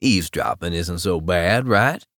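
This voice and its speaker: A man narrating a romance audiobook in the first person, with a low-key, wry inner voice. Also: lively intonation, measured pace, a bit bright, no echo, studio quality.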